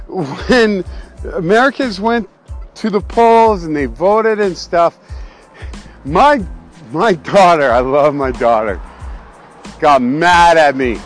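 High, animated man pastor. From Canada. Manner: excitable, jokey, goes off on tangents. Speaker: pastor and podcast host. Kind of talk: casual rambling monologue.

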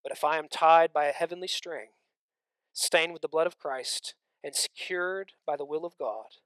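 A man preaching a sermon, swinging between loud emphatic stretches and hushed near-whispers, with conversational asides to the congregation. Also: on the high side, normal speed, clean tone, no room sound.

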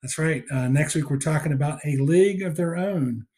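A man's voice: fairly high pitch, moderate pace, mellow. A man hosting a podcast in a casual, rambling chat full of fillers. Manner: rambling, many fillers and restarts. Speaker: podcast host.

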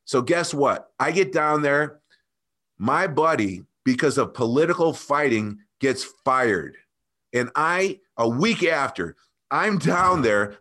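On a podcast, a male guest with a medium-pitched voice tells a heartfelt story from his own life. His delivery is earnest and lively, and he frequently uses the host's name.

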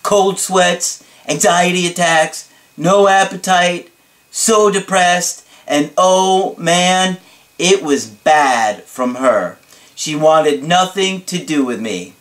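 A man's voice: sits high, fairly bright tone. A man putting on a dramatic, gushing young fan. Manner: drawn-out dramatic emphasis.

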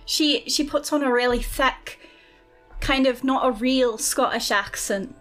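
Aussie lady player, talks slow and bright, bit giggly. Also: sits high, soft background music. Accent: Australian. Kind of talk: casual chat.

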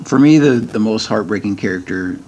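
A man's voice: lowish voice, expressive, brisk, darkish tone, slight background noise. A middle-aged man, a podcast guest, chatting casually and reading a book aloud, hesitant with many ums and restarts.

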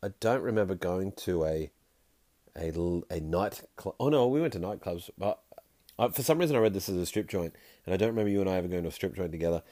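Man, very low voice, dry close sound, casual podcast host, playful asides. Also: animated, warm tone, no echo. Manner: jokey, reads tweets aloud with quick asides. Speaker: podcast host reading listener tweets. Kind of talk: casual chat.

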